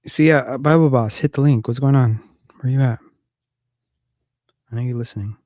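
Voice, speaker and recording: A man's voice: mid-range voice, normal speed, a little mellow, dry recording, studio quality. A man hosting a casual live stream from home, rambling, swearing and joking with his audience. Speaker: livestream host.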